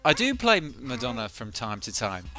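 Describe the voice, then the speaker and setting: A man's voice: mid-range voice, wildly swooping pitch, normal speed, bright, forceful tone. A man streaming a video game live, rambling and self-mocking in casual commentary. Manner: rambling, self-mocking, bursts into silly voices. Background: game music.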